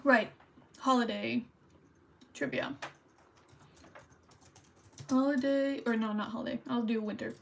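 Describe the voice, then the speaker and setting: A woman's voice: on the high side, fairly even intonation, a little slow, gravelly, long pauses, a little hiss or hum, poor audio. A woman streamer hosting trivia in casual livestream chat, chatty and rambling, a little self-conscious.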